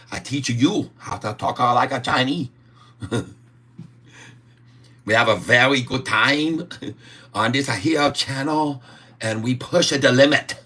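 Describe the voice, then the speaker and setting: A man's voice: medium pitch, a bit bright, voice pushed up. A man putting on an exaggerated broken-English caricature voice, sing-song and giggling. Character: cartoonish broken-English foreign man, cheeky boaster.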